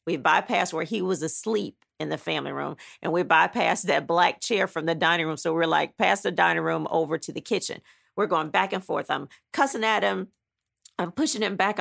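Gravelly-voiced woman telling a dramatic story. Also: on the low side, a bit bright. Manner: dramatic, blunt, emphatic retelling with frequent asides. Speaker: author recounting her own story. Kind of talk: animated personal storytelling.

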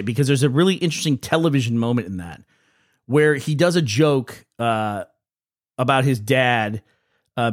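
A man's voice: medium pitch, dry recording. Man, podcast co-host, loose storyteller, dry mic. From United States. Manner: rambling storyteller, laughs often. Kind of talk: casual chat.

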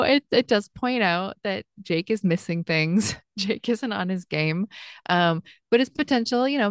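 Woman, podcast host, low voice, reflective casual talk, lots of ums. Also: creaky, no echo, clean studio sound. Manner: reflective, chatty, many fillers and restarts. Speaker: podcast host and life coach. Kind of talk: casual solo podcast commentary.

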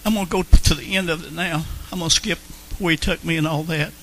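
A man's voice: fairly high pitch, steady tone, fast, a bit bright, a little hiss or hum, low-quality recording. A man telling his personal faith testimony in an earnest way, repeating phrases for emphasis. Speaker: Christian testimony speaker.

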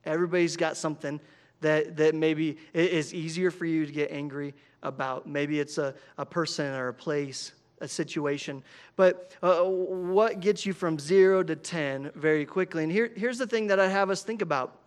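High-voiced man preaching a sermon. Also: moderate pace. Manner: conversational, animated storytelling with frequent "right?". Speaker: pastor.

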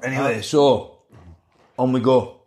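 The retired boxer, interviewed casually, shares his stories in a blunt, plain-spoken way, voicing the people he quotes. His voice is mid-range, unhurried, and a little mellow.

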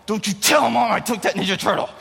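Man doing a bossy kid, shouty and high, big-brother bratty. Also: quick pace, creaky, husky, faint music behind, heavily acted. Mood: threatening. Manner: shouting, demanding. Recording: long hall reverb.

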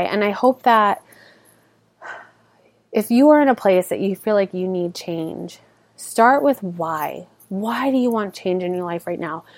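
Earnest mom podcaster in a dry room. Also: female voice, fairly low pitch, dry recording. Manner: earnest, conversational, heavy use of "like". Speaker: podcast host. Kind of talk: solo podcast monologue.

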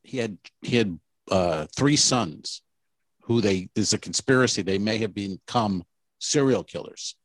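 A man with a lowish voice chats loosely on a comedy podcast, recorded close and dry with no room sound. He rambles through his stories with animated asides and quick quoted voices. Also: no echo. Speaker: podcast co-host. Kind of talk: casual comedy podcast chat.

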